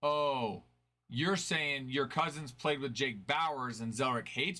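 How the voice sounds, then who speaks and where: A man's voice: medium pitch, slow, bright, forceful tone. A man hosting a card break stream, chatting casually and answering viewers' chat.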